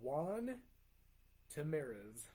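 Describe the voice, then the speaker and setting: A man with a high, husky voice runs a podcast quiz in easygoing banter. He often mutters running counts quietly to himself and laughs along with his co-host. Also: big pitch swings, drawn-out words. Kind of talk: casual banter, game hosting.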